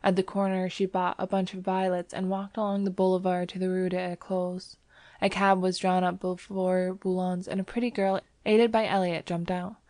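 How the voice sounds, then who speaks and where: A woman narrating a classic story in a measured, even way. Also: on the low side, dry recording. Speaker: audiobook narrator. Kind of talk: scripted narration.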